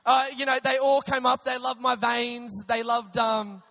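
A young man, a preacher, telling an excitable personal testimony story with many restarts. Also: very high-pitched, a little slow. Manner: animated, excitable, with frequent restarts.

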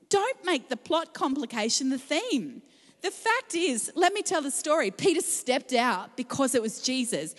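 A woman preaching a sermon to a congregation in a room, talking in a conversational way and often asking "can I just say". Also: on the high side. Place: large room with a gathered congregation. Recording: long hall reverb.

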